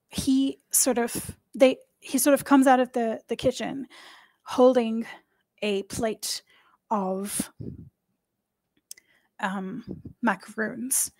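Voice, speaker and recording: Woman gm narrating slow and descriptive, dry close mic. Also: a little high, fairly even intonation, darkish tone, dry recording. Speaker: game master. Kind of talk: narrating a tabletop game.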